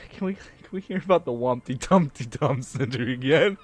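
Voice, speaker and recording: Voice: mid-range voice, lively intonation, fairly quick, hardly any pauses. A streamer playing a game live, reading its text aloud and laughing to tears, swearing and giggling.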